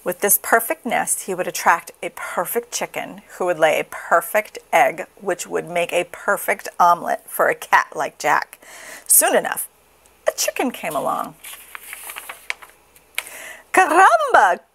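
A woman reading a children's picture book aloud in a slow, expressive sing-song. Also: fairly low pitch, vocal fry. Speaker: storybook reader.

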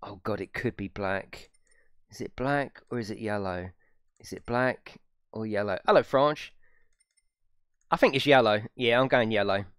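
A man's voice: fairly low pitch, measured pace, pauses often, a bit bright, clean tone, dry recording, studio quality. A young man casually chatting on a live stream, swearing freely and laughing often. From United Kingdom. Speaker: gaming streamer.

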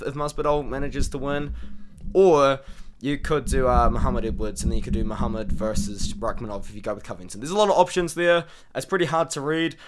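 A hoarse man hosting an MMA analysis channel, giving casual, rambling fight-prediction commentary full of "like". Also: on the high side. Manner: chatty, rambling, lots of "like". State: hoarse from screaming.

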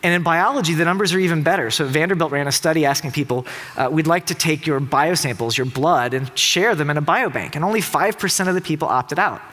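A man's voice: quick pace, big-room sound. A middle-aged man from Tennessee giving an emphatic, rhetorical public talk on stage. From Tennessee, USA. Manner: emphatic, rhetorical, with lively pitch shifts. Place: large auditorium stage.

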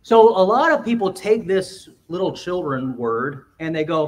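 A male pastor's high, sing-song voice sounds far from the microphone as he delivers an unhurried expository sermon in a church sanctuary. Along the way he restarts phrases and throws questions out to those listening in the pews.

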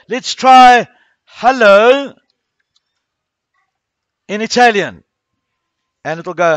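Teacher, man, very high voice, dry close sound, walks the class through each step. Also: takes it slowly, long pauses, fairly bright tone, no echo, lo-fi sound. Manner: talks through each click step by step, addressing pupils. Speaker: primary school coding teacher. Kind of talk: classroom coding tutorial. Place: school classroom.

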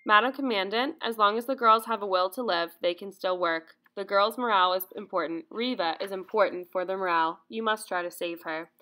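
A woman voicing a gentle, brave young female doctor who speaks softly and calmly. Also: medium pitch, brisk, few pauses, natural voice. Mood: calm, earnest. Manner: soft, calm, pleading.

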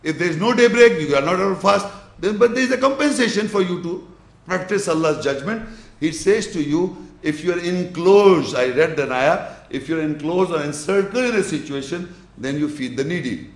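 A man's voice: a little high, animated. Guy teaching a religious class, keeps asking if you follow, roomy echo. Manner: explains slowly with gestures, checks the audience's understanding. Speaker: Islamic lecturer. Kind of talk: religious lecture to an audience.

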